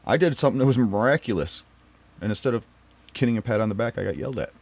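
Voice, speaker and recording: A man telling a personal story to camera in an emotional, emphatic and pleading way, swinging between loud and quiet. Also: mid-range voice, expressive, quick pace, vocal fry.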